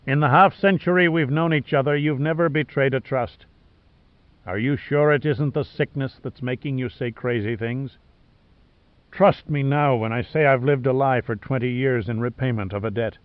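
A man reading a gruff, rasping old sea captain. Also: mid-range voice, moderate pace, no room sound, lo-fi sound, lightly acted. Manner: gruff, blunt muttering.

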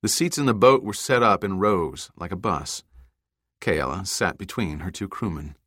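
A man narrating an audiobook in a steady, measured way. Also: sits low, no echo, clean studio sound. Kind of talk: scripted narration.

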